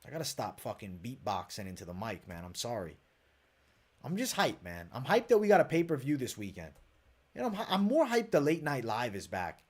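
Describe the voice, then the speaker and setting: A man's voice: medium pitch, sing-song, brisk, breathy edge. A young man hosting a late-night live stream, breaking down fight picks and betting odds in a brash, profane, hyped-up way while reading viewer comments aloud. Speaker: MMA livestream host.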